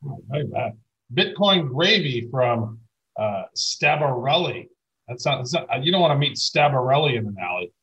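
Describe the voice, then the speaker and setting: A man's voice: mid-range voice, big pitch swings, normal speed, fairly bright tone, breathy edge, muffled recording. A middle-aged man co-hosting a casual podcast, rambling and enthusiastic, with playful swearing. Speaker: podcast co-host.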